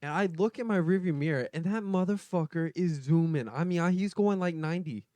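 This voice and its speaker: A young male co-host tells his story in loose, cursing bursts. His voice sits a bit high. The sound is close and dry, with no room around it. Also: a little fast, no echo. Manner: profane, animated storyteller. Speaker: podcast co-host. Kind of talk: casual storytelling chat.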